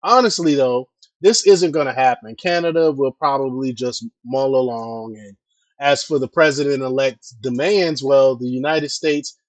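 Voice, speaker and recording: A man's voice: mid-range voice, normal speed, no echo. A man hosting a casual political news commentary, talking hesitantly with fillers and chatty asides to his viewers.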